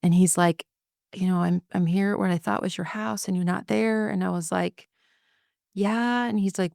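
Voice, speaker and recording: A woman in her thirties, a podcast guest, telling a painful personal story in a soft-spoken way with many ums and likes. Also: mid-range voice, steady tone, normal speed, gravelly, no echo, clean studio sound. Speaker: podcast guest, widow of a detective.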